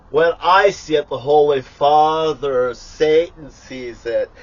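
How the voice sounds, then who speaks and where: A man's voice: a little high, slow pace, lo-fi sound. A man talking casually in a rambling, profane, grandiose rant while cooking in his kitchen. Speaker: vlogger. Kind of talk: rambling live vlog monologue.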